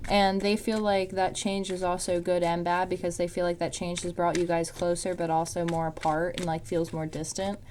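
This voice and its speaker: A woman's voice: lowish voice, level tone, moderate pace, few pauses, darkish tone, a little hiss or hum. A woman giving a casual tarot reading, rambling with lots of "um" and "like". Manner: rambling, many fillers like "um" and "like". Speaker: tarot reader.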